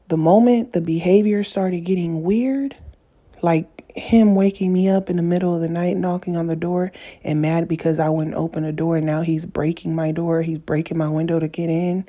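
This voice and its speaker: Woman vlogger, low voice, earnest and repetitive, slightly muffled recording. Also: fairly even intonation, normal speed. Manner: earnest, repetitive, builds emphasis through rephrasing. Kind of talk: casual personal monologue to camera.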